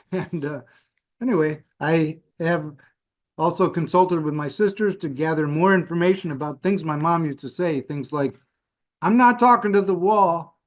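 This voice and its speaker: A man's voice: a little high, darkish tone. A man describing his upcoming speech in a wry, joking way. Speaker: club speaker. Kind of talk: casual speech preview.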